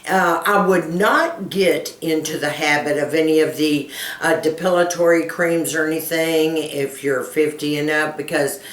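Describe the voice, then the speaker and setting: Folksy, low-voiced woman telling stories. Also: a little slow, reverberant, recorded from a distance. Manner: folksy, animated storyteller who laughs often. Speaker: lifestyle coach and channel host. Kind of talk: casual chat answering viewer questions.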